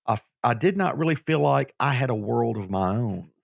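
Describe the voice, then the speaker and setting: Gravelly man telling stories. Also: medium pitch, normal speed, dry recording, clean studio sound. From Georgia, USA. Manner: animated storyteller who acts out quoted voices. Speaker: guest, former pro wrestler. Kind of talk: storytelling interview.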